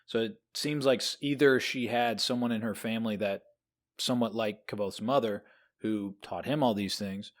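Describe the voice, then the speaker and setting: A man co-hosting a podcast, talking through a novel in a lively, rambling way. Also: on the low side, moderate pace. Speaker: podcast co-host. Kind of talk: casual book discussion.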